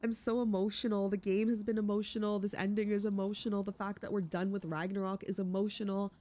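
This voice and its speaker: A woman's voice: mid-range voice, level tone, quick pace, warm tone. Emotional, chatty young woman gamer. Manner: emotional and enthusiastic, chatty with fillers. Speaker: let's play host. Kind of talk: gaming commentary and wrap-up.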